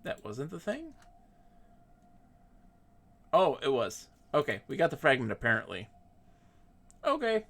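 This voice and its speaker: Gravelly, animated man streaming a game. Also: mid-range voice, a little slow, long pauses. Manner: chatty, excitable, reads game text aloud. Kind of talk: casual gameplay commentary.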